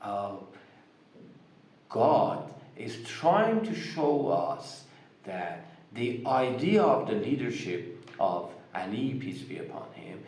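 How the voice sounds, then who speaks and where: A man's voice: mid-range voice, big pitch swings, slow, darkish tone, echoey room, low-quality recording. A man with a Persian accent giving a religious lecture, speaking with many fillers and restarts and stressing key words. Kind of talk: religious lecture explaining scripture.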